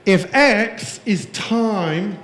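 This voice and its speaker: A man's voice: high voice, animated, very slow, fairly bright tone. A man giving a conference keynote, jokey and playful, quizzing the live audience in the room. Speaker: keynote speaker. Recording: echoey room.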